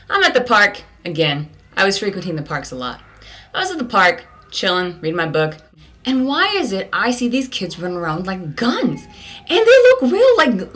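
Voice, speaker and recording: A woman from California hosting her own vlog, telling stories in a slangy, comic rant with sudden high outbursts. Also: bright, forceful tone. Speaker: vlog host.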